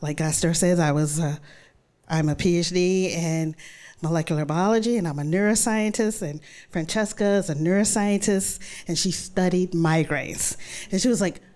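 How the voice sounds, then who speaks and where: Speaking to an audience in a lowish voice at a moderate pace, a woman tells a true story from her own life, lively and conversational, acting out her thoughts as she goes.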